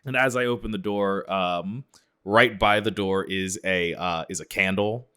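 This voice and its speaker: A man describes his character's actions in a casual tabletop game. He speaks in a somewhat low voice, loosely and hesitantly, stopping to find words. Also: steady tone, unhurried, bright, forceful tone, clear, resonant tone. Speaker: player.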